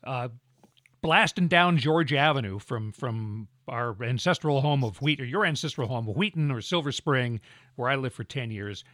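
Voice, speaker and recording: A man's voice: mid-range voice, lively intonation, normal speed, fairly bright tone, dry recording, studio quality. A middle-aged man co-hosting a podcast, telling wry anecdotes with easy laughs in casual banter. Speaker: podcast co-host.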